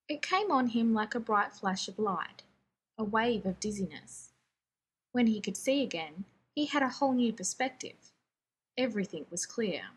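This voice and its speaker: A woman narrating a fan fiction audiobook in a brisk, wry storytelling manner. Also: medium pitch, lively intonation, fairly bright tone, breathy edge. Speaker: reader.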